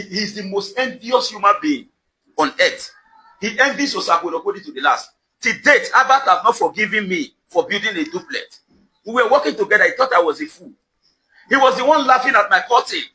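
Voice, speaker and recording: Outdoors in his compound, a Nigerian man who comments on social media faces the camera and launches a confrontational tirade, hammering the same questions again and again. He speaks in a high, bright, forceful voice, animated and fairly quick. The recording is poor.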